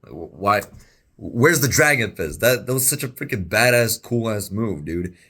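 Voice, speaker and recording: A young man giving casual reaction commentary, excitable and rambling, with slangy exclamations, recorded on an earbud mic. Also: on the low side, normal speed, husky. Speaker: reaction video host. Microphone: wireless earbud mic.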